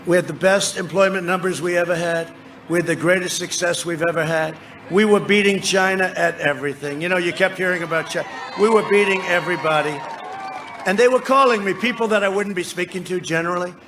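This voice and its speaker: A man in his seventies giving a rambling, repetitive, boastful campaign rally speech into a podium microphone, often shouting to the crowd. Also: high voice. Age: 70s. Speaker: politician addressing a rally. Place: large rally venue. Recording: noisy live rally sound.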